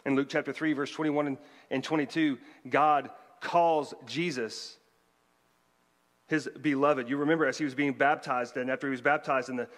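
A man's voice: medium pitch, fairly even intonation, moderate pace, fairly bright tone. A man, a pastor, delivering a conversational sermon with joking asides to the congregation. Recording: long hall reverb.

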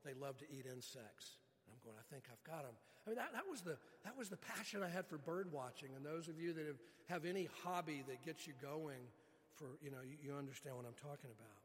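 Middle-aged guy preaching, folksy story, voice a bit high, long hall reverb. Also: fast talker. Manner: folksy storytelling, animated retelling. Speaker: pastor. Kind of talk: sermon with personal story.

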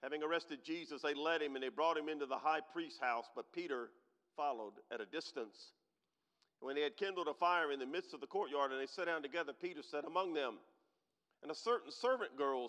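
Impassioned pastor in a reverberant sanctuary. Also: male voice, fairly high pitch. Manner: swings from loud emphatic preaching to quiet, near-tearful intimacy. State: emotional, holding back tears. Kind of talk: sermon. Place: large church sanctuary. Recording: long hall reverb.

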